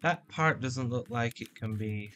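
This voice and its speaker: A man's voice: medium pitch, measured pace, sharp tone, slight background noise. A man giving playful, joking let's-play commentary on a shooter game. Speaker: gameplay commentator.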